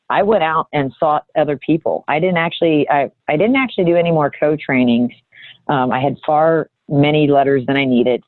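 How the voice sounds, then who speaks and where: Woman, earnest, halting, reflective storytelling, dry thin phone-like sound. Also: low-pitched, no room sound. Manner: earnest, halting, with many restarts. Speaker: guest.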